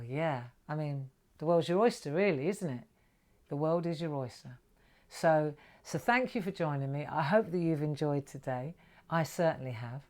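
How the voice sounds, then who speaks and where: A woman with a low, somewhat dark voice hosts a live craft show. She chats through the demonstration, tells stories, and laughs at her own jokes.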